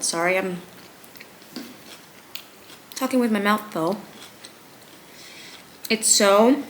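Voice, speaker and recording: A young woman chats to camera from her living room floor, relaxed and upbeat, with a slightly low-pitched voice. She speaks like a personal trainer sharing tips, with frequent easy fillers. A faint hiss sits under the recording. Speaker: vlogger, personal trainer and nutrition coach. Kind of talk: casual vlog chat to camera while eating.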